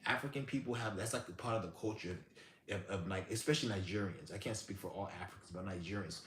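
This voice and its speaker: A man's voice: sits low, fast talker, fairly bright tone. Blunt, profane man ranting in a roomy space. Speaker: live-stream host. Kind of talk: ranting storytelling. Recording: roomy with faint background hum.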